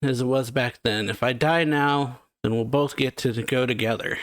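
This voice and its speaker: A man reading a weary, fatalistic young soldier's lines aloud from a comic, calm and plain. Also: medium pitch, moderate pace, no room sound, natural voice. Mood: resigned.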